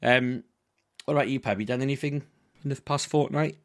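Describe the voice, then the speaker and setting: A man in his thirties, co-hosting a podcast in a casual chat and telling long rambling stories with quick laughs. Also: medium pitch. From United Kingdom. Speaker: podcast co-host.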